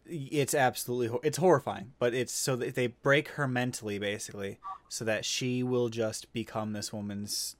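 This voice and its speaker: A man's voice: mid-range voice, steady tone, moderate pace, few pauses, no room sound. A man hosting a casual podcast, rambling and swearing freely with frequent restarts. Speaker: podcast host. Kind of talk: casual chat.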